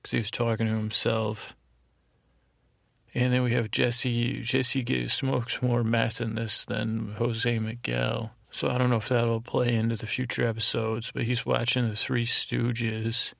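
A man's voice: medium pitch, little pitch movement, measured pace, gravelly, dry recording, studio quality. A man hosting a sleep podcast, recapping an episode in a meandering, digressive way with many fillers and restarts. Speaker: podcast host.

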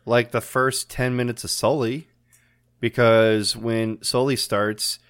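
A man's voice: medium pitch, level tone, slow, smooth. A man co-hosting a casual podcast chat, telling rambling stories and laughing often. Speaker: podcast co-host.

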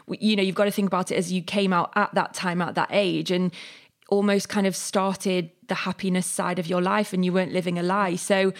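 A woman's voice: fairly low pitch, vocal fry. A woman hosting a podcast, asking long, searching questions with plenty of fillers. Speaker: podcast host. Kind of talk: interview questions.

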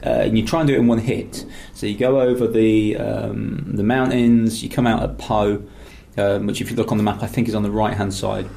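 Gravelly chatty English man. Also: fairly low pitch, level tone, a little fast, hardly any pauses, dark tone, slight background noise. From England. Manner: rambling storyteller, chatty and teasing. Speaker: podcast host. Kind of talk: casual chat.

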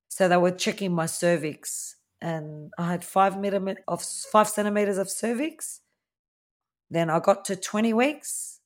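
A woman in her thirties with an Australian accent, a podcast guest candidly telling her own story in a conversational way. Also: fairly low pitch. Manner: candid, conversational, with fillers and quoted dialogue. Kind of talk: personal storytelling interview.

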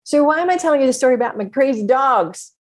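A woman coach giving a motivational talk in an emphatic, animated way, laughing often. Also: high voice, quick pace.

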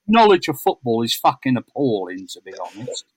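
A man's voice: medium pitch, very animated, a little fast, husky, no room sound, rough recording. A man co-hosting a casual football podcast, blunt, sweary and teasing. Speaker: podcast co-host.

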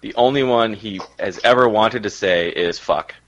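A man's voice: fairly low pitch, moderate pace, a bit bright, dull audio. A young man and co-host, telling a story in casual chat with chuckles. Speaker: podcast co-host.

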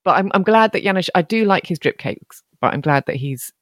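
A woman in casual podcast chat, expressive and quick to laugh. She has a slightly low voice. The sound is close and dry. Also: no room sound. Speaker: podcast co-host.

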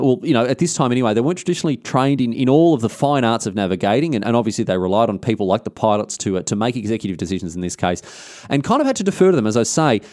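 A man's voice: mid-range voice, darkish tone, no echo, clean studio sound. An Australian man hosting a podcast, telling history in a casual, slangy, irreverent way. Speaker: podcast host.

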